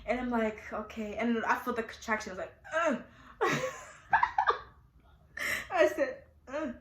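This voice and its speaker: A teenage girl telling her own story in a chatty, animated way, with many fillers. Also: a little high, moderate pace, roomy sound, low-quality recording. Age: teens. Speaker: vlogger. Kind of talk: casual storytime.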